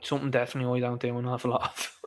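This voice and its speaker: A man's voice: mid-range voice, completely flat delivery, rapid-fire. A young Irish man hosting a casual live stream, reading out chat comments in a chatty, rambling way and laughing often. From Ireland.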